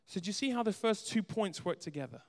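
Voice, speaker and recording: A man preaching a sermon as pastor, earnest, moving between soft quiet asides and emphatic raised lines. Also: sits high, sing-song, fast, vocal fry. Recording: long hall reverb.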